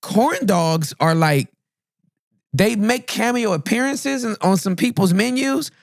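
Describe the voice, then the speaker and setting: Gravelly, animated male storyteller. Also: measured pace, no echo, clean studio sound. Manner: playful, self-mocking, swoops up high for punchlines. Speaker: pastor and podcast guest. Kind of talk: animated comic storytelling in a podcast interview.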